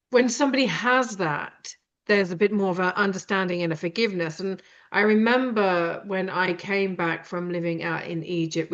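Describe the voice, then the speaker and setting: A British woman hosting a live conversation, talking directly and rambling with many fillers. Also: fairly low pitch. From Britain. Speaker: host. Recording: dull lo-fi sound.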